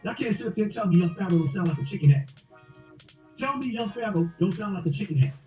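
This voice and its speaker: A man's voice: sits high, animated, quick pace, dark tone. A man delivering a mocking rant and repeating his taunts over and over. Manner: repetitive, taunting. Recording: roomy, distant mic with faint music.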